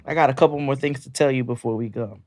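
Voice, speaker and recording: A man's voice: mid-range voice, fast talker, dry recording. Laughing storyteller man, dry close sound. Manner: storytelling, laughing often through his own anecdotes. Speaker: podcast co-host. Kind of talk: casual chat.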